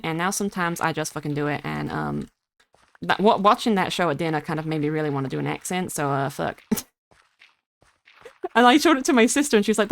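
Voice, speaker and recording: Streamer woman, casual rambling chat, mid pitch, dry close mic. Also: expressive, a little fast, no room sound. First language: English. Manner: chatty, rambling, swears casually, reads chat aloud.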